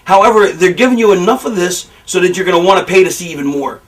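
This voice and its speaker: A high-pitched man spins loose, profane stories about his trade, jumping between thoughts as he goes. He sounds set back from the microphone, so his voice carries a little distance. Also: quick pace. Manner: rambling, profane, animated storytelling. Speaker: pro wrestler giving a shoot interview. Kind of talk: candid storytelling interview.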